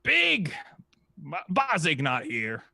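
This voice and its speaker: A man voicing a small excited dragon who speaks in eager, broken, childlike phrases. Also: fairly high pitch, takes it slowly, gravelly, exaggerated voice. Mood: insistent. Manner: childlike, eager, clipped words.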